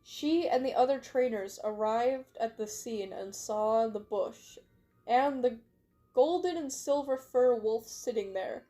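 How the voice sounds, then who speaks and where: A woman's voice: a little high, slow pace, dark tone, faint music behind. A woman reading her own story aloud on a stream, in a casual way, often stumbling and correcting herself with little asides.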